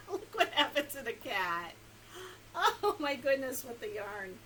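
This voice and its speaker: A woman's voice: high voice, takes it slowly, a little hiss or hum, rough recording. A woman librarian reading a picture book aloud to young children, asking them questions and laughing often. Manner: animated, coaxing questions to young listeners.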